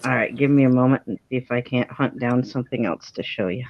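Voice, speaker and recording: A woman's voice: a bass voice, fast. A woman artist chatting casually on a livestream, folksy and self-deprecating. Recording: dry, dull lo-fi stream audio.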